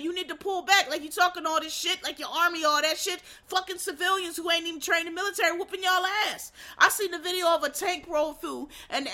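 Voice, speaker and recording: Fiery high-voiced American woman ranting. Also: bright, forceful tone. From United States. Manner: heated, blunt, heavy swearing. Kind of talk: casual profane rant.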